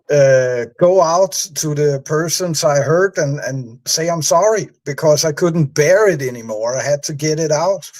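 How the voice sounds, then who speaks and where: A man with Danish as his first language, co-hosting a podcast and speaking haltingly about going to recovery meetings. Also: on the high side, a little mellow. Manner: halting, hesitant, with frequent fillers. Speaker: podcast co-host. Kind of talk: candid recovery talk.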